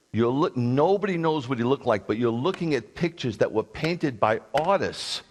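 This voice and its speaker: Man, rabbi, sermon, blunt, combative, sarcastic, mid-pitched voice. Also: lively intonation, moderate pace, hardly any pauses.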